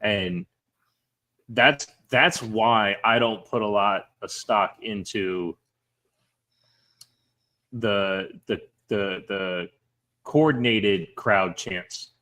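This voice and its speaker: A man's voice: on the low side, drawn-out words, long pauses, sharp tone. A man co-hosting a podcast, giving considered, opinionated takes in casual chat. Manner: reflective, opinionated, self-correcting. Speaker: podcast co-host.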